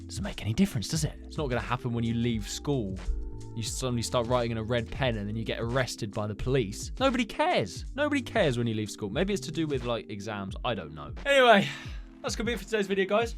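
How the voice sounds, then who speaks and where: A man's voice: medium pitch, big pitch swings, fast talker, soft background music. A young man reading out comments and reacting to them in a casual, sarcastic way, often laughing. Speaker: host.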